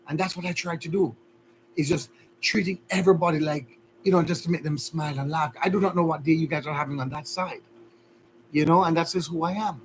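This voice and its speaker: A man's voice: high voice, a bit bright, a little hiss or hum. A young man with a Jamaican accent, earnestly talking to his viewers in a rambling, emotional way. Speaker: vlogger. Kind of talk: casual heartfelt talk to viewers.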